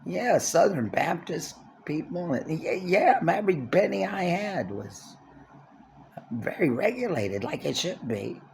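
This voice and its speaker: A man in his sixties talking to camera in a long rambling monologue, swinging from low mutters to loud outbursts, indoors in his apartment building. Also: big pitch swings, measured pace, creaky, a little hiss or hum. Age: 60s. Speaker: vlogger.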